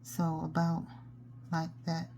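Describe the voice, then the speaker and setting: Mellow low-voiced woman teaching crafts. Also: completely flat delivery, takes it slowly, a little hiss or hum. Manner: chatty, talks to herself while working. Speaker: jewelry-making tutorial host. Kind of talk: casual step-by-step craft tutorial.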